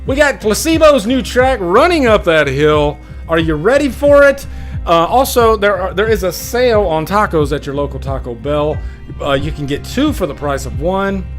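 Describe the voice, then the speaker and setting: A man putting on a brash, crude morning radio DJ voice in loud hype announcer patter. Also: high-pitched, expressive, moderate pace, soft background music. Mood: hyped.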